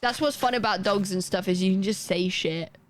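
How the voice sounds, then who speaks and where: A young woman chatting casually on a live gaming stream, rambling and self-deprecating with quick asides. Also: mid-range voice, a little hiss or hum. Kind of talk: casual chat while gaming.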